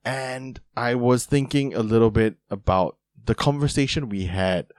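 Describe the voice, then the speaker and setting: A man's voice: medium pitch, normal speed, a little mellow, no echo. A man co-hosting a casual podcast chat, joking around, laughing often and slipping into silly voices. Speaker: podcast co-host.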